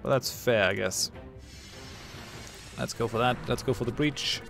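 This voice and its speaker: Gravelly guy muttering his way through a game, faint music behind. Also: mid-range voice, measured pace, a bit bright. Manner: thinks aloud, mutters, laughs at his own jokes. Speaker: gamer playing a ship combat game. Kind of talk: casual gameplay commentary.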